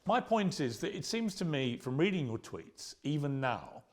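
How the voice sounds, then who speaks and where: A man in his fifties pushes hard as an interviewer, cutting in and insisting on finishing his point. His pitch leaps and falls with emphasis, sitting slightly above the usual male range. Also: very animated, moderate pace. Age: 50s. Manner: interrupting, pressing, argumentative. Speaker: host. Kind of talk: confrontational interview.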